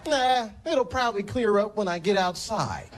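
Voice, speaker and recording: A man's voice: high voice, sing-song, moderate pace, background noise. A man performing a stand-up routine on a comedy stage, telling stories animatedly and jumping into character voices. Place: comedy stage before a live audience.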